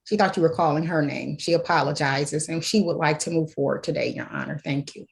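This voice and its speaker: A woman's voice: low-pitched, steady tone, brisk, gravelly. A woman defense attorney pleading formally and politely to a judge on a video call. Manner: polite, deferential, persistent.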